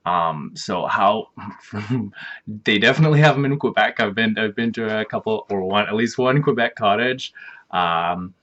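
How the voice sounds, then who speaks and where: Canadian male host, low voice, loose rambling reaction-video talk. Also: moderate pace, a bit bright, highs cut off. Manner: rambling, filler-heavy explanations. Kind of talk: casual reaction chat.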